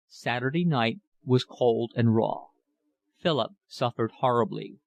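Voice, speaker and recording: A man narrating a classic novel audiobook in a measured, even reading. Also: medium pitch, no room sound. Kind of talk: scripted narration.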